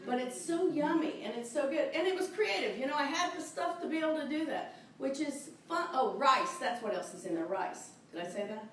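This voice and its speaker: A middle-aged woman minister preaches in a chatty, enthusiastic way, laughing as she goes. Her voice is high. It is picked up from far off in a very echoey church, with a faint hum of room ambience behind it. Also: expressive, brisk, hardly any pauses, fairly bright tone. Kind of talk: sermon. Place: church sanctuary. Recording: very echoey, distant mic in a church.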